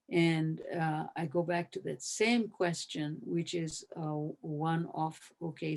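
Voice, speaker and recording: A woman's voice: lowish voice, a little mellow. Thoughtful professor woman on a video call. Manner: measured, thoughtful, frequent hesitations and self-corrections. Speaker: professor, guest speaker. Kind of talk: webinar talk answering a question.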